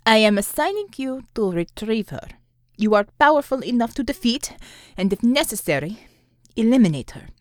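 A woman voicing a stern, cold female commissar who speaks in a clipped, flat way through clenched teeth. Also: medium pitch, unhurried, no echo, studio quality. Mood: commanding.

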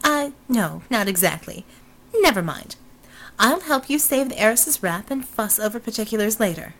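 A woman's voice: fairly high pitch, lively intonation, normal speed, fairly bright tone. A woman voicing a retired superheroine who talks in a brash, sardonic, wisecracking way.

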